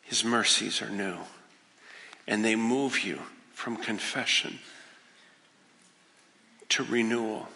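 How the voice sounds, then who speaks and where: Fervent pastor with a gravelly, bright voice. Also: male voice, fairly low pitch, steady tone, slow, long pauses. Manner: dramatic, acts out voices with humor, swings from loud to hushed. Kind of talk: sermon. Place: church sanctuary. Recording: reverberant church hall.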